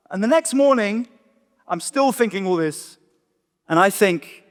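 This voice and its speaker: A man's voice: high-pitched, animated, normal speed. A man in his thirties, a stand-up comedian telling a self-deprecating story on stage and acting out his own thoughts. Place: live comedy venue. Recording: long reverb of a performance hall.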